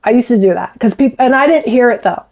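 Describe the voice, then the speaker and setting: Woman host, faint Bronx accent, dark mellow tone pitched a bit high, chatty and rambling vlog commentary. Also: expressive, fast. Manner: chatty, rambling, many restarts. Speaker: commentary vlogger. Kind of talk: casual commentary on a clip.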